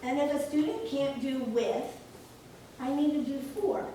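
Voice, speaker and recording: A woman's voice: sits high, unhurried. A woman nursing instructor leading a staff training session, telling a story from her work and acting out both sides of the dialogue. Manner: animated storytelling, acts out dialogue. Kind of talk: in-service staff training talk. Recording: echoey room, mic far off, loud noise.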